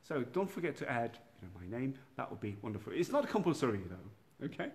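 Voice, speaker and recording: A man, a priest, giving an informal night prayer talk in a gentle, halting way, with many pauses and restarts, recorded without a proper microphone. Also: medium pitch, very animated. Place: dark church room by candlelight. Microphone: no external microphone, built-in device mic. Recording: poor sound quality without microphone.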